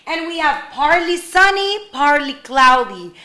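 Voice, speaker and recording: Woman kindergarten English teacher, high voice, slow careful delivery. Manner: animated, switches between English and Spanish, sings prompts. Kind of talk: online class for young children.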